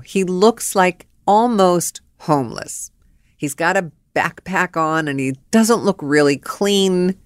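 A middle-aged woman hosting a podcast, telling stories in an animated, blunt way, laughing and swearing. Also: sits low, dry recording, studio quality. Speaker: podcast host. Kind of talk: storytelling monologue.

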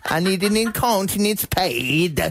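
A man's voice: high voice, lively intonation, unhurried, heavy background noise, pitched above the performer's own voice. Man hamming up a silly fake Italian guy. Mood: goofy. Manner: goofy, over-the-top, exclaiming. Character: hammy Italian man in a mock accent.

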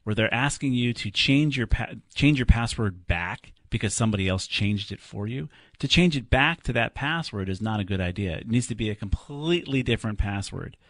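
A man hosting a call-in tech radio show, giving quick, plainspoken, jokey practical advice to callers. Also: fairly low pitch, lively intonation, a bit bright, no room sound, studio quality. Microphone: studio microphone.

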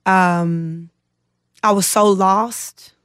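A woman's voice: mid-range voice, drawn-out words, clean tone, dry recording, studio quality. A woman guest in an interview, earnestly retelling a distressing personal experience and acting out others' words. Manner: earnest, emotional retelling with animated quoted voices.

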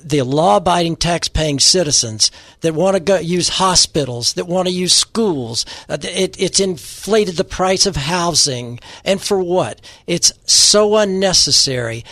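Forceful man pitching a campaign. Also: no room sound. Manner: forceful, repetitive campaign-style declarations. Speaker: political candidate guest. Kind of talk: impassioned political interview.

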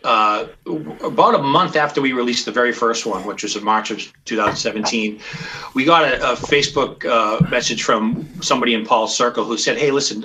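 A man's voice: mid-range voice, pushed and bright, low-quality recording. A man guest in casual podcast chat, telling a long story with many restarts. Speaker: band founder guest.

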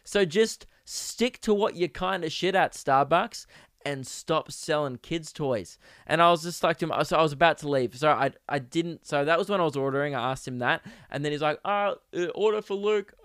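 A man's voice: on the high side, normal speed, a bit bright, clean tone, no echo. A young Australian man hosting a podcast, telling a story as a sarcastic, exasperated comedic rant. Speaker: podcast host.

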